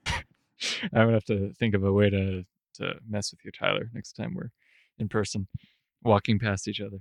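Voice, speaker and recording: A man's voice: fairly low pitch, level tone, normal speed, creaky, pauses often, no room sound. A man chatting casually on a podcast, hesitant and full of stammered restarts. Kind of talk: casual chat.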